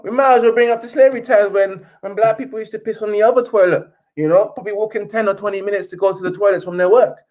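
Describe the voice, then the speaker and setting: A British man with a high voice hosts a casual football live stream. He rants with sarcasm, slightly sniffly, and mocks quotes in a posh reading voice. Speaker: football channel host.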